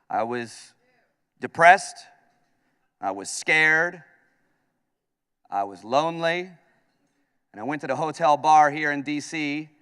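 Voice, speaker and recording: A man from upstate New York working as a radio host, giving a comedic speech in a large conference hall and acting out his own lines as he tells stories. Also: a little high. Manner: animated storytelling, acts out his own lines. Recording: long hall reverb.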